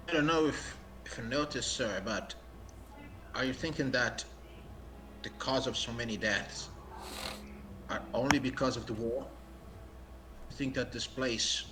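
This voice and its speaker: A man's voice: mid-range voice, background noise, natural voice. A man playing a nervous, stammering young soldier. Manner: halting, stammering. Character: nervous young male soldier, worried and hesitant.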